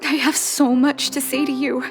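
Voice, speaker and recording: An actress voicing an earnest young woman returning to her family in a video game, speaking softly. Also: high voice, little pitch movement, normal speed, over music. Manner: earnest and soft-spoken. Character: grown daughter and doctor, earnest and emotional. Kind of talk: game voice acting.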